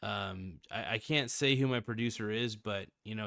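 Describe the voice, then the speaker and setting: A man's voice: on the low side, moderate pace, gravelly, few pauses, a bit bright, no room sound, clean studio sound. A man hosting a casual finance livestream, loose and slangy, rambling with frequent restarts. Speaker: livestream host.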